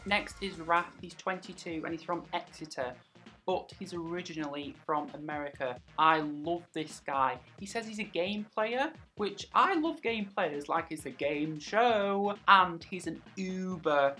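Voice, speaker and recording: A young man vlogging in a chatty, sarcastic way, with sudden high-pitched outbursts. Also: lively intonation, a little slow, bright, forceful tone, faint music behind. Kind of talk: casual vlog commentary.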